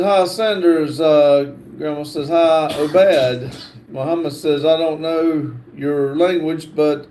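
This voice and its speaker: A man hosting a livestream, reading chat comments aloud in a halting way with fillers and restarts. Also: on the high side, darkish tone. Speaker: livestream host.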